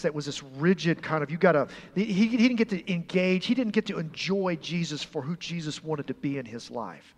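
A man preaching a sermon as pastor, swinging between hushed, quiet passages and loud, emphatic ones. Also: high voice, big-room sound.

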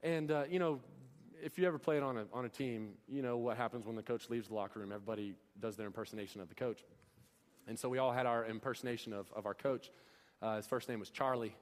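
A man's voice: mid-range voice, steady tone, fast talker. A young man preaching a sermon in a church, earnest and pressing his listeners with rhetorical questions. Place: church hall. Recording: long hall reverb.

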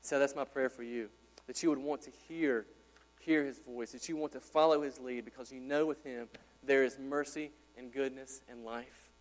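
Here a male pastor with a deep voice speaks at a moderate pace and fairly even intonation, preaching casually and posing questions to his church. The sanctuary audio has hall reverb plus a mains hum.

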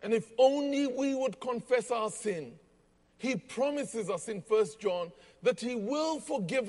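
A man preaching a sermon, slow and emphatic, repeating key lines for weight. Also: extremely high pitch, lively intonation, a little mellow, long reverb tail. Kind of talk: sermon with storytelling.

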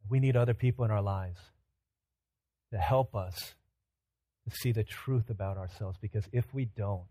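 With a medium-pitched voice in a dry recording, this pastor animates his sermon with humorous stories poking fun at himself before shifting to a quieter, earnest exhortation.

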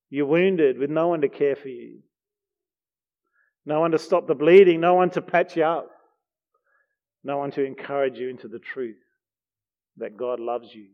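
A man preaching a heartfelt, earnest sermon. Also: medium pitch. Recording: dull lo-fi recording.

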